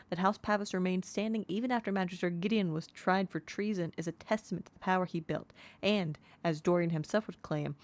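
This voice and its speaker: A woman's voice: lowish voice, a little mellow. A woman streaming a game, chatting casually and reading in-game text aloud, sounding out unfamiliar words as she goes.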